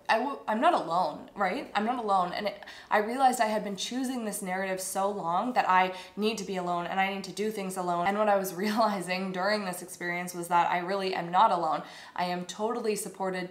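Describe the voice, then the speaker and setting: A young woman vlogger telling her personal story in an earnest, reflective way, with many casual fillers. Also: medium pitch. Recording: echoey room.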